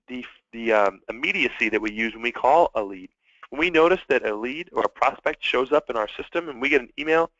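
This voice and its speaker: A man's voice: medium pitch, fairly bright tone, no room sound. A man giving an upbeat sales training lecture, walking through numbered points in a coaching way. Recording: dull lo-fi dry recording.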